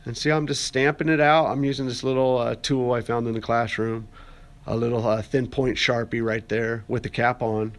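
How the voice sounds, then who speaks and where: A young man narrates a clay project in an easygoing, chatty way. His voice sits at an ordinary middle pitch, with plenty of "um"s and joking asides. He sounds like a student recording a casual class tutorial. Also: normal speed. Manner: relaxed, chatty, jokey asides, many fillers. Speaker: art student. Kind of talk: casual how-to voice-over.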